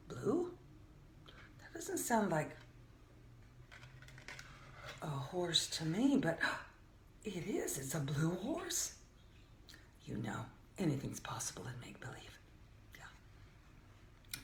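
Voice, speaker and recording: An older woman reading a picture book aloud to young children, gentle and playful, often dropping to a soft whisper. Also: fairly low pitch, very animated, slow, long pauses. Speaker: children's storyteller. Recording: echoey room with faint hiss.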